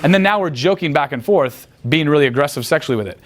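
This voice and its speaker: A young man teaching as a dating coach in casual seminar talk, blunt and crude, checking in with his listeners often. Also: expressive. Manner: blunt and crude, acts out quick high-pitched quoted exchanges.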